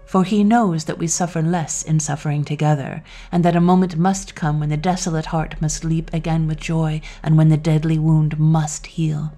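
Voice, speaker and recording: A woman reading an audiobook, voicing an earnest, lovestruck young male doctor in a measured way. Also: low voice, level tone, mellow, faint music behind.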